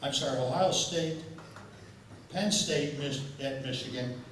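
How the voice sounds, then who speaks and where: A man's voice: mid-range voice, measured pace, fairly bright tone, slight background noise. An older man giving an after-dinner speech as a football official, telling self-amused stories and often repeating words. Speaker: guest speaker and football official. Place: large members' dining room. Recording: echoey hall, voice from far off.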